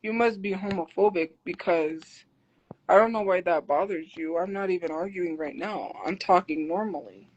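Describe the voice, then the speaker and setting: A woman livestreaming who answers her chat defensively and argues back, habitually talking loud. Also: on the low side, normal speed, highs cut off. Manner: defensive, argumentative. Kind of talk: live stream chat replies.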